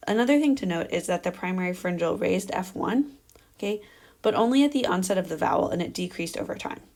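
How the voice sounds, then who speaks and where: A woman's voice: on the low side, expressive, fast talker, gravelly, a little mellow. A young adult woman giving an academic research presentation, explaining carefully with frequent fillers. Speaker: doctoral candidate presenting research.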